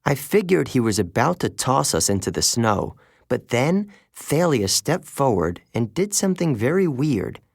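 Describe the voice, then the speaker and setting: A man's voice: mid-range voice, sing-song, a little slow, gravelly, husky, no echo. A man narrating an audiobook in the first person, wry and conversational, close to a studio mic.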